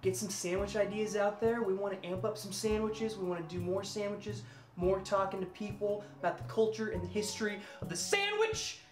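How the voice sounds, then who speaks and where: A woman's voice: medium pitch, animated, a little fast. A woman hosting a casual chat show, talking in an upbeat, rambling way full of fillers. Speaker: host. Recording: roomy, music behind.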